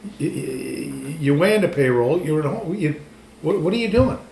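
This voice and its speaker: A man's voice: fairly high pitch, animated, moderate pace, creaky, darkish tone. A man, co-hosting a casual sports podcast, emphatic and ranting, often restarting his sentences. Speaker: podcast co-host. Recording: echoey room with faint ambient noise.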